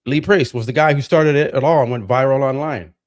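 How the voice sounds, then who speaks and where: A man's voice: medium pitch, brisk. A man hosting a livestream, ranting heatedly with lots of swearing and repeated words. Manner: heated, profane, repeats himself. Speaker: livestream host. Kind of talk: casual ranting commentary.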